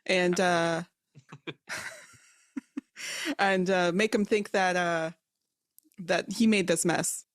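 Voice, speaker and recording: Slow deadpan woman player. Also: on the low side, no room sound, studio quality. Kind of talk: casual tabletop play.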